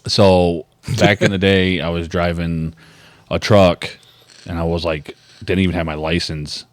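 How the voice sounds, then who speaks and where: Casual man telling a story, low voice. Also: measured pace, no room sound. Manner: animated storyteller, acts out quoted voices. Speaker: podcast host.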